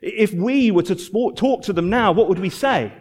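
A man preaching a sermon, earnest and emphatic, repeating phrases and dropping to soft, low endings. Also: animated, moderate pace.

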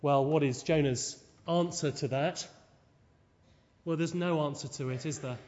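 A man delivers a sermon in a fairly high, mellow voice. He works through the scripture carefully and keeps asking the congregation rhetorical questions. The lo-fi recording carries a long, echoing hall reverb. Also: unhurried. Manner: expository, with rhetorical tag questions. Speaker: preacher.

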